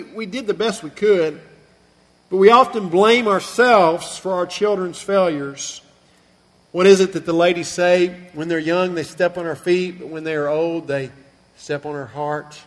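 A man preaching a sermon, retelling a scripture story with earnest feeling and slowing down and softening on the sad passages. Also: high voice. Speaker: pastor. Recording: long reverb of a large hall.

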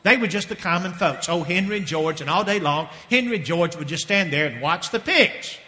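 A man's voice: high-pitched, animated, a little fast, sharp tone, in a large hall. A man preaching a sermon in a church, telling a Bible story and firing questions at the congregation. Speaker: pastor. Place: church sanctuary with balcony.

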